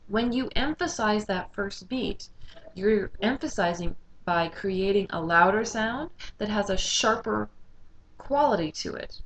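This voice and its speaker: A woman teaching a recorded music lesson, explaining rhythm clearly and singing short phrases to demonstrate. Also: mid-range voice, a little slow, rough recording.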